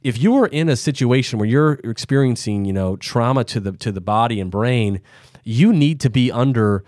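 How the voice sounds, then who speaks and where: A man's voice: mid-range voice, moderate pace, darkish tone, no room sound, studio quality. A man from the US Midwest hosting a podcast interview, thinking aloud in long rambling sentences full of restarts. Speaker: podcast host. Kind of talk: casual interview chat.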